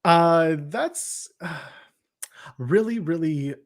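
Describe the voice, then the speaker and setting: A young man co-hosting a podcast, casually chatting about wrestling with quick joking asides. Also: fairly high pitch, expressive. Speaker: podcast co-host.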